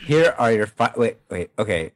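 A man's voice: lowish voice, sing-song, moderate pace, fairly bright tone. A man hosting a casual podcast wrap-up who laughs easily and stumbles over his words. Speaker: podcast host.

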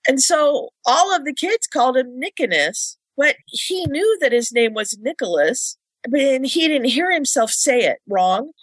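A woman's voice: high voice, lively intonation, unhurried, no room sound, low-quality recording. A woman who is a teacher, earnestly telling a sympathetic story from her class in casual podcast chat.

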